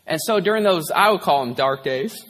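Male pastor, high voice, candid conversational sermon, long hall reverb. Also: expressive, normal speed, fairly bright tone. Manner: candid, conversational, tearful at times, frequent "right?".

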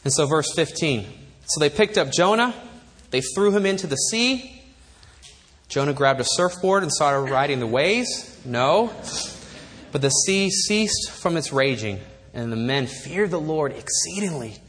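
A man preaching a sermon in a church, emphatic and animated, with wry asides. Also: a little high, measured pace. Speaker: pastor. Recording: long reverb of a large hall.

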